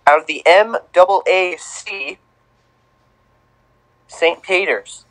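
A man's voice: high voice, slow pace, fairly bright tone, low-quality recording. A man co-hosting a casual sports podcast, announcing tournament teams in a playful, sing-song way. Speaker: podcast co-host.

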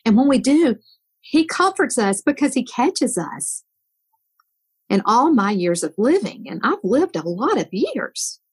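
An older woman, appearing as a guest speaker, gives an earnest Christian devotional talk built around a story. Her mid-range voice has a breathy edge, and she often drops to a soft whisper at the end of a line.

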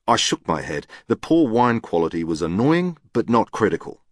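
A man's voice: lowish voice, big pitch swings, moderate pace, hardly any pauses, dry recording, clean studio sound. A man narrating a novel in the first person with a precise, matter-of-fact manner. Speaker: audiobook narrator.

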